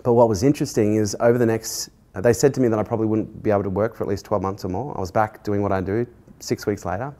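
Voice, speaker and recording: A middle-aged man, a podcast host earnestly telling a personal story in conversation and growing animated as he recounts it. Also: on the low side, fast, few pauses. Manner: earnest, animated when retelling dialogue, laughs at himself.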